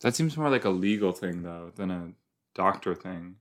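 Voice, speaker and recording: A man's voice: sits low, expressive, normal speed. A young man reacting casually to a TV episode as he watches, thinking aloud with lots of fillers and exclamations. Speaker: reaction podcast host.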